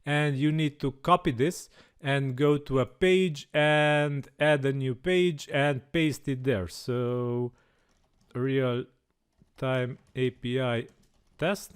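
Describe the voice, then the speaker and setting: Clear-voiced man walking through software. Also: mid-range voice. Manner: explains step by step with frequent fillers. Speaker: tutorial channel host. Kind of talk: software tutorial walkthrough.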